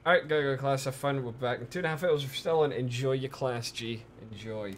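A man giving casual, lively commentary while streaming a game, chatting with viewers and swearing often. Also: medium pitch, quick pace, a little hiss or hum.

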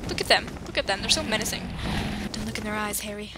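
A woman's voice: medium pitch, quick pace, pushed and bright, a little hiss or hum. A woman giving playful, silly commentary while playing a video game. She cracks jokes at the other players and bursts into dramatic screams and exclamations. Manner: jokey asides to other players. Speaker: gaming YouTuber.

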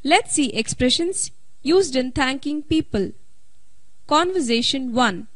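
Slow, high-voiced woman teaching English. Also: animated, no echo. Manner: slow, deliberate explanation. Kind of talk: scripted instructional narration.

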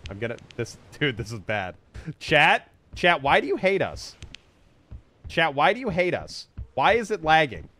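Loud swearing man streamer. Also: on the high side, wildly swooping pitch, unhurried. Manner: swears a lot, swings from muttering to shouting. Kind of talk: live gameplay commentary.

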